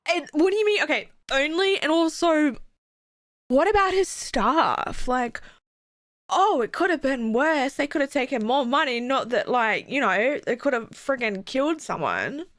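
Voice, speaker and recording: A woman's voice: high voice, measured pace, dry recording, clean studio sound. A young woman streaming a video game, chatting casually and animatedly with her viewers. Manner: chatty, animated, swears and laughs often. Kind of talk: casual live-stream commentary.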